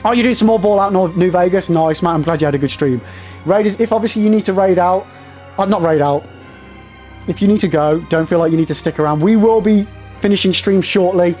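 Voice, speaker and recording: A man's voice: sits high, fairly quick, a little mellow, soft background music. A young man streaming a game live, elated and shaky with nerves after a win, talking to his chat in bursts.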